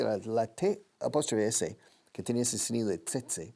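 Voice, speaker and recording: A man teaching a televised language lesson, energetic and encouraging, repeating phrases again and again as drills. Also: fairly low pitch, normal speed. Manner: animated, encouraging, playful. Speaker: TV English teacher.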